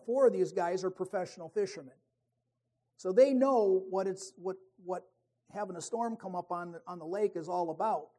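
A man's voice: sits high, warm tone. A man preaching a sermon in a conversational way, often restarting phrases and reading scripture aloud. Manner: conversational, with many restarts and asides.

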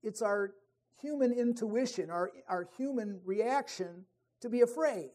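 A man's voice: high-pitched, a little slow, a little mellow. A man preaching a sermon in a conversational way, often restarting phrases and reading scripture aloud. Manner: conversational, with many restarts and asides.

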